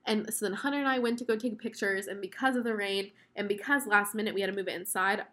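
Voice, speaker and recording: A woman's voice: mid-range voice, steady tone, fast talker, bright, forceful tone. A young woman in her twenties telling a personal story in a casual, chatty way, with many fillers and gushing enthusiasm. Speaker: vlogger.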